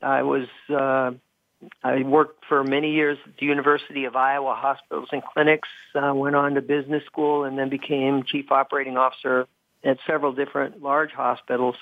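A man's voice: medium pitch, little pitch movement, brisk, no room sound. A man being interviewed as a guest, speaking thoughtfully with a few restarts. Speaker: guest, coach and former hospital executive. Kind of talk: phone-in interview. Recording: tinny phone line.

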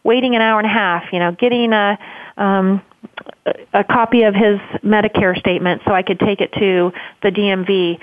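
A woman's voice: medium pitch, dry recording. A woman who runs a homeless shelter, telling a story earnestly in an interview, with many fillers. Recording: tinny phone line, dry.

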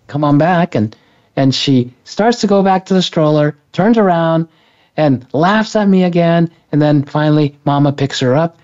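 A man's voice: fairly high pitch, a little mellow. A man telling a personal story in an interview, rambling with many restarts and self-corrections. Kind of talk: conversational storytelling. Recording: dull lo-fi recording.

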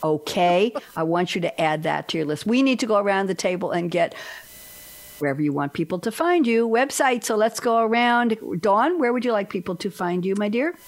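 A woman's voice: mid-range voice, expressive, brisk. A woman hosting a panel talk, chatty and playful, spelling out guests' web addresses. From lives in Tennessee. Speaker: host. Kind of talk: casual chat.

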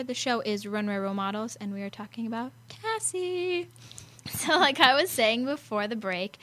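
A teenage girl from Arizona hosting a radio show, telling stories in a bubbly, animated way. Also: mid-range voice. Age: teens. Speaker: host. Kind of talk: casual radio chat.

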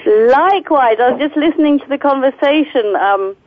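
A woman calling in to a talk show, laughing easily and pausing with ums. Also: high voice, animated, no room sound, narrow, tinny audio. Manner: warm, laughing, hesitant with ums. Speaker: actress guest. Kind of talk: casual phone-in chat.

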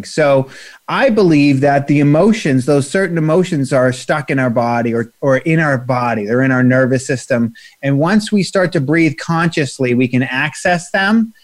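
A man leading a guided breathing exercise and talking casually about breath work, slow and soothing, with loose filler phrases, on a video call. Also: a little high, a little mellow.

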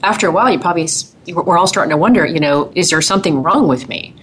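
A woman's voice: fairly low pitch, quick pace, slight background noise. A woman hosting an interview, reflecting back on her guest's story in an encouraging, affirming way. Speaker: podcast host.

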